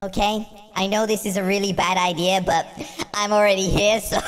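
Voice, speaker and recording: A woman's voice: medium pitch, flat delivery, a little fast, big-room sound. A woman reading a silly script aloud, giggly and embarrassed.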